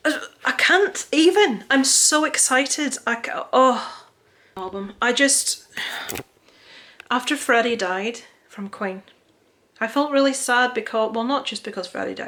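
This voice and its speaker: A woman, chatting casually to a handheld phone camera at home, excitable, sweary and self-deprecating. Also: on the high side. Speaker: vlogger. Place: home, indoors.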